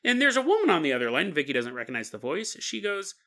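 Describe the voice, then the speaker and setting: A podcast host telling an eerie story in a loose, casual manner and breaking into chuckling asides. His voice is bright and forceful, with a lively, animated pitch. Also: fast. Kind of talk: storytelling narration.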